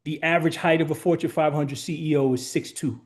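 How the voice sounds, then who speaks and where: A man's voice: a little high, fairly even intonation, a little fast. A man in his forties, a guest speaker giving a heartfelt motivational talk with earnest, emphatic repetition. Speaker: guest speaker, former runner.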